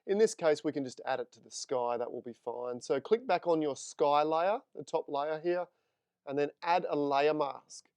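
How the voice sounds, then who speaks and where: A man's voice: a little high, darkish tone, clear, resonant tone, no echo. A man teaching photo editing in a live screen-share tutorial, chatting with viewers as he works. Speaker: photography instructor.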